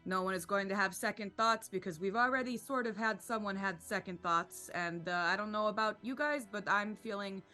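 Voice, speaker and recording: A woman's voice: mid-range voice, brisk, few pauses, sharp tone, soft background music. A woman playing in a tabletop game, speaking in a precise, lawyerly, pedantic way. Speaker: player.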